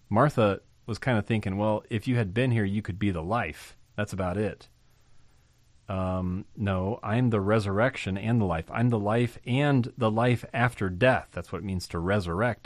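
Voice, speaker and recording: A man's voice: on the low side, dry recording. A man teaching a Bible passage in a conversational way, asking rhetorical questions and thinking aloud. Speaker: preacher.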